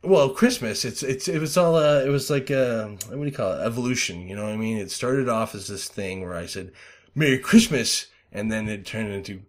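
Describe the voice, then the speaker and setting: A man hosting a casual podcast, rambling through stories with lots of fillers, swearing and loud acted-out quotes. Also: on the low side, a little fast, few pauses. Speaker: podcast host.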